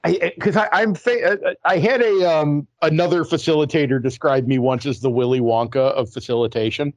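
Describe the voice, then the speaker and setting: A man co-hosting a casual podcast, talking in an animated way with stammered restarts and exasperated emphasis. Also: fairly high pitch, a little fast, dry recording, highs cut off. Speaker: podcast co-host.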